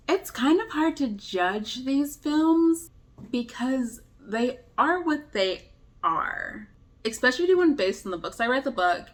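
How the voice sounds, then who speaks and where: A woman's voice: mid-range voice, fairly bright tone. Chatty young woman recapping a movie. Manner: chatty, full of "like" fillers, retells scenes animatedly. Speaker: book and film reviewer. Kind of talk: casual commentary review.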